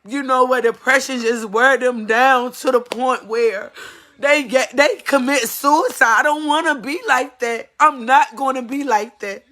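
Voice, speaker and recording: A woman speaks straight to the camera in an emotional personal testimony. Her tone is bright and forceful, earnest and pleading, and she repeats lines to drive them home. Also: high voice, measured pace. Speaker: mother giving a personal testimony.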